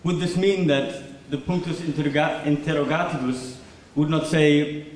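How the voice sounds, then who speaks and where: A man's voice: fairly high pitch, fairly even intonation, normal speed, hardly any pauses, darkish tone. A man giving a performative lecture made entirely of questions, his intonation rising at each one. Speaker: performance speaker. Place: large lecture hall. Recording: echoey hall from far off, faint noise.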